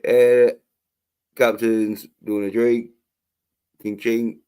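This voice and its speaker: Guy ranting on a livestream, swears nonstop, drags his words out slow. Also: mid-range voice, level tone, dark tone, clear, resonant tone. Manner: angry, swears constantly, rambling. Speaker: livestream host. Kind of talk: profane livestream rant.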